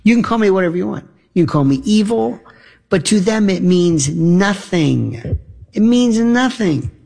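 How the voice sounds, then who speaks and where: Gravelly, animated male radio host. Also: sits high, unhurried. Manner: animated, rhetorical, acts out imagined dialogue. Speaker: radio talk show host. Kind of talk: opinionated radio monologue.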